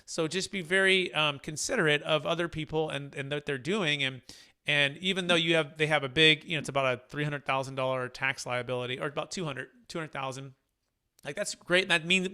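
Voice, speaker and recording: A man hosting a casual business chat, telling a deal story with animated acted-out quotes. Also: on the high side, clear, resonant tone. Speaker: host.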